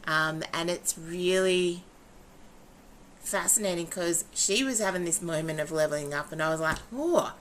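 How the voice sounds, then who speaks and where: A woman's voice: on the low side, normal speed, a little hiss or hum. A woman, a podcast co-host and facilitator, chatting casually and acting out quotes as she tells stories. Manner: animated storytelling, acting out quotes with laughs.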